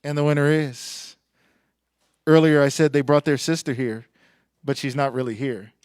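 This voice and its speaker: A man's voice: mid-range voice, steady tone, moderate pace, darkish tone, clean tone, no room sound, studio quality. A man emceeing a live awards night on a handheld microphone, joking with and hyping up the crowd. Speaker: event emcee. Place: event hall stage.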